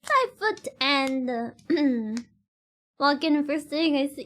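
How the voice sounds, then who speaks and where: A woman's voice: high voice, animated, slow, a bit bright. A woman streamer chatting casually with her viewers, giggling and laughing often, with loose, slightly non-standard grammar.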